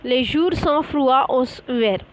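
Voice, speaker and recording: A woman teaching an online French class, explaining slowly with many fillers and spelling words out letter by letter. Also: sits high, low-quality recording.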